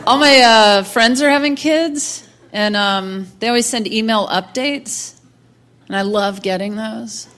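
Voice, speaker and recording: A woman doing a stand-up comedy set with slow, dry, deadpan delivery and long pauses. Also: fairly high pitch. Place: comedy stage before a laughing crowd. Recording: crowd laughter and room noise.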